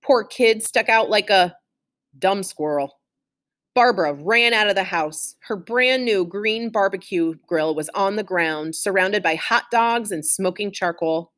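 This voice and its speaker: A woman reading a children's chapter book aloud in an expressive, animated way. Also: mid-range voice, unhurried. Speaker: reader.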